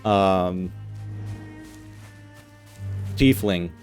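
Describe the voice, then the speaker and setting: Rambling male streamer, low voice. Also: very slow, a little mellow, clear, resonant tone, soft background music. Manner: rambling storyteller, laughs often. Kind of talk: casual gaming chat.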